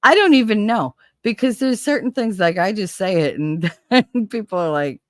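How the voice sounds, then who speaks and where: A woman's voice: mid-range voice, lively intonation, normal speed, no room sound, studio quality. A middle-aged woman, chatting casually with viewers and telling stories with swearing and laughs. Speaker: livestream host.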